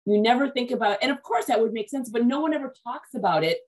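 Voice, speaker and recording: A woman's voice: a little high, lively intonation, fast talker. A woman hosting a podcast interview over a video call, chatty and rambling with many restarts. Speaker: podcast host. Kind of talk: casual interview chat.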